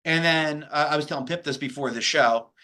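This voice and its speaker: A man's voice: on the high side, a little fast, pushed and bright. A man hosting a casual podcast chat, ranting sarcastically and joking. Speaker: podcast host.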